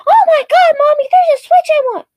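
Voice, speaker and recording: A woman voicing a spoiled, whiny little boy who squeals and demands things in a shrill, high voice. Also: lively intonation, unhurried, full character voice. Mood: whiny excited.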